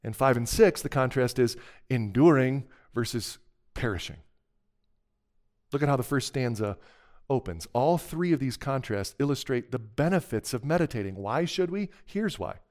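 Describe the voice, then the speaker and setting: A man's voice: medium pitch, lively intonation, moderate pace, darkish tone. Earnest middle-aged male pastor preaching. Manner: conversational, earnest preaching with sudden emphatic bursts. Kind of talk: sermon.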